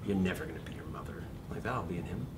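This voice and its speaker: Man in his fifties teaching an acting class, animated and profane, heard from across an echoey room with rumbling noise. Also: fast talker, recorded from a distance. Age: 50s. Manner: animated, swearing, self-deprecating storyteller. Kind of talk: live seminar talk. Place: classroom seminar. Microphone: distant room mic.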